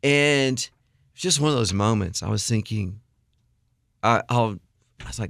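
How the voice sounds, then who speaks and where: A middle-aged man telling a story in a radio studio interview, animated and acting out the people he quotes. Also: fairly low pitch, normal speed, creaky, pauses often, dry recording. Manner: animated storyteller, acts out quotes, laughs often. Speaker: guest songwriter.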